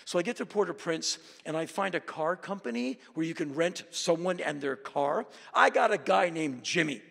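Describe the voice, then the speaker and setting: A man giving a live storytelling talk to an audience as a guest speaker, intense and emphatic, with loud bursts. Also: fairly high pitch, normal speed, creaky. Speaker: guest speaker at a university event. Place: auditorium. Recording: reverberant hall.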